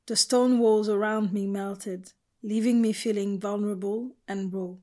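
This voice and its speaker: Woman, audiobook narrator, first-person, measured and intimate. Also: medium pitch, fairly even intonation, a little mellow.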